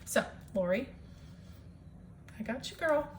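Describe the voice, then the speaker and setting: A woman's voice: sits high, animated, takes it slowly. Chatty woman with faint room noise. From US Midwest. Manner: chatty, enthusiastic, frequent ums. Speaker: cross-stitch vlogger. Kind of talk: casual show-and-tell chat. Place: home.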